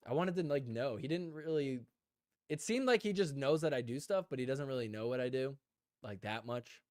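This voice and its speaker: A young man hosting a casual live stream, telling animated stories and reading chat comments aloud, full of "like" and "dude". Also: mid-range voice, normal speed, dry recording, clean studio sound. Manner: filler-heavy, says "like" and "dude" a lot. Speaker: podcast host.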